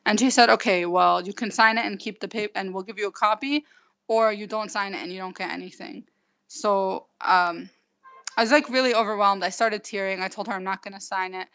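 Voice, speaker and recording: Bright-voiced young woman, halting recount. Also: medium pitch, fairly even intonation. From United States. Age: 20s. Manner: halting, many fillers and restarts. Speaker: interview guest. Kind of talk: casual recounting. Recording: dull lo-fi recording.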